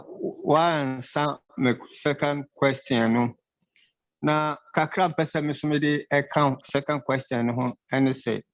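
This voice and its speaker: A Ghanaian man calling in to a radio talk show and asking questions, halting and switching between Twi and English. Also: mid-range voice, dry recording, low-quality recording.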